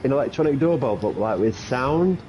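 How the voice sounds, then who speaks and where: A man rambling excitedly and swearing in casual chat. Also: medium pitch, a little fast. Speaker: car enthusiast. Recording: dull lo-fi audio with faint noise.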